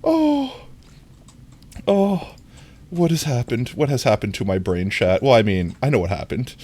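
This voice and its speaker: Live streamer, casual gameplay chat, giggly and playful, pitch swings wildly up into squeaks. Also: animated, a little fast, a little mellow. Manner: playful and giggly, often jumping into a squeaky high voice.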